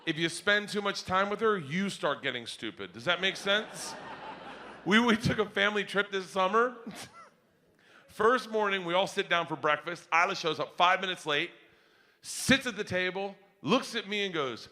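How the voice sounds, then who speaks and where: A middle-aged man performing a stand-up comedy set on stage, telling rowdy stories loudly with big swings. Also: sits high, animated, normal speed. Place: comedy stage before a live audience.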